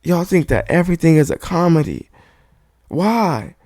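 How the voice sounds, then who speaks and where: This podcast host's voice sits a little high, with big pitch swings and a dark tone at a moderate pace. In a heated, profane monologue he hammers one point repeatedly, captured dry on a studio-quality microphone.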